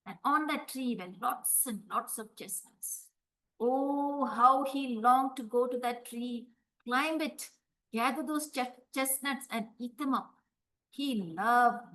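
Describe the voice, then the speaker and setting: Expressive woman storyteller. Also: a little high, low-quality recording. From India. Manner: expressive, drawn-out, dramatic pauses. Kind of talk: folktale storytelling.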